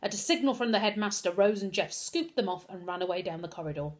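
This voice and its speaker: Expressive woman reading a storybook. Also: medium pitch, fast talker. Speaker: reader. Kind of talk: reading a children's novel aloud.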